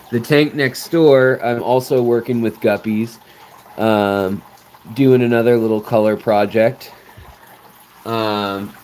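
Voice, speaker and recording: An aquarium channel host runs a live stream, answering viewers at length in a medium-pitched voice packed with fillers. His explanations ramble, and there's a little hiss or hum on the audio.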